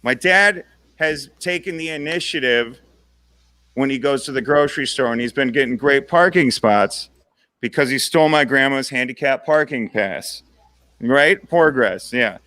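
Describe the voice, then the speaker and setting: A man's voice: medium pitch, normal speed, bright, forceful tone, no echo. A young man performing a stand-up comedy set, casual and self-deprecating, checking in with the crowd with "right?" after his jokes. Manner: conversational, self-deprecating punchlines with tag-on "right?".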